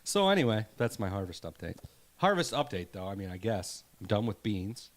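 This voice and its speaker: A man's voice: fairly low pitch, very animated, fairly quick. A man co-hosting a podcast, chatting casually about his farm in an easygoing, folksy way. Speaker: podcast co-host. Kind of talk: casual chat.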